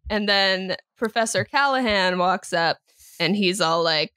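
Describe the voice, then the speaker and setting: A woman co-hosting a podcast in casual chat, excitedly retelling a film plot and acting out the characters' lines over a call mic. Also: mid-range voice, a little slow, clear, resonant tone, no room sound. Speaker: podcast co-host. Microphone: remote call mic.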